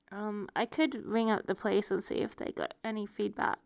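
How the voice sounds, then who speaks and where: A vlogger with a noticeable non-standard accent and a gravelly, medium-pitched voice talks casually to camera with no room sound. Her personal monologue rambles along, self-deprecating, and she laughs often.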